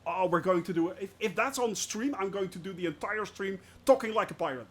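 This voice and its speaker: A man streaming a flight game live, loud and jokey, laughing at his own puns and greeting viewers by name. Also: high-pitched, a little fast, hardly any pauses, slight background noise. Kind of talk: live gameplay commentary.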